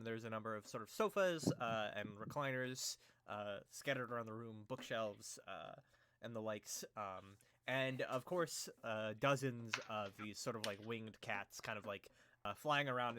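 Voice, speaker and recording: A man's voice: fairly low pitch, sharp tone, no room sound. A man running a tabletop game as game master, narrating loosely with many fillers and hesitations.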